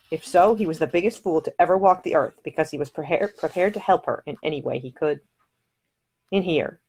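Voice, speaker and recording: A woman narrating her own novel in a measured audiobook reading. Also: low voice.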